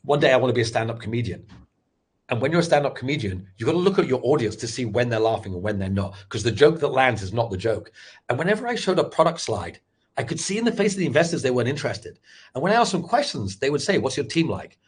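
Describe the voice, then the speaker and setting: Middle-aged male sales veteran, husky, mid-pitched, lively candid webinar delivery. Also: fast talker. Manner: animated, candid storytelling with frequent restarts. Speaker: sales expert and former startup founder. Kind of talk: webinar talk.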